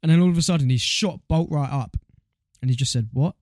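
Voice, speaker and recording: A man's voice: medium pitch, fast, a little mellow, no echo, clean studio sound. A young man, a podcast co-host telling stories in casual chat. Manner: slangy, storytelling, laughs easily.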